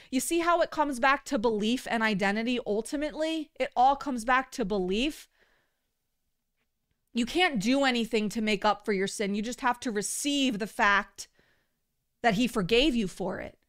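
Smooth-voiced woman teaching scripture earnestly. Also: a little high, moderate pace. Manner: earnest, conversational, repeats words for emphasis. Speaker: Bible teacher. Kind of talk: livestreamed Bible teaching.

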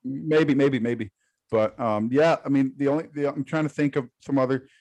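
A man's voice: medium pitch, steady tone, normal speed, a little mellow, dry recording. Blunt, swearing man co-hosting a podcast. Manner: blunt, swears, repeats words. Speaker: podcast co-host. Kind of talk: casual sports chat.

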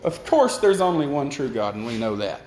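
A man's voice: mid-range voice, big pitch swings, normal speed, a little mellow, echoey room, a little hiss or hum. A man preaching a conversational sermon and putting questions to his listeners.

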